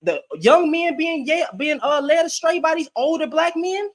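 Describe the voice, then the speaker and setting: A man's voice: extremely high pitch, lively intonation, moderate pace. A young man hosting a heated live debate, ranting fiercely and cursing freely. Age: young adult. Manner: fiery, profane, ranting.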